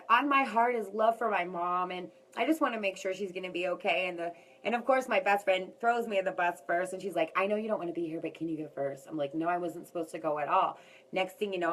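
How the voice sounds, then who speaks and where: A woman's voice: mid-range voice, poor audio. Woman vlogger, candid and rambling, personal story told to camera. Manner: candid, rambling, talks straight to viewers as "guys".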